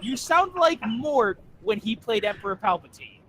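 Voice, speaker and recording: Co-host, man, high pitch, teasing casual banter. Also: very animated, normal speed, bright, forceful tone, a little hiss or hum, poor audio. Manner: dry, teasing jokes. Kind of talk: casual stream commentary.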